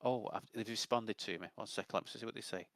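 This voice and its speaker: A man's voice: fairly low pitch, fast, fairly bright tone, no room sound. A man in a casual gaming voice chat, rambling as he explains game rules at length. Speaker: gamer in a voice chat.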